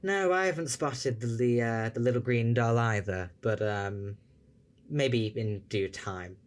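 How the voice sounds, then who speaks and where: A man's voice: medium pitch, a little slow, natural voice. A man voicing Vin, a polite catty noble. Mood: courteous.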